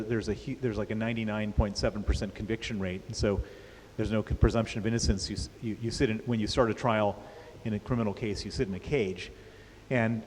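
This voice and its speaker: A middle-aged man with a mid-range, darkish voice speaks as an author in an onstage interview at a festival. He tells his story plainly, often repeating and restarting words, in a large hall with an audience, and the recording carries hall reverb and faint hiss.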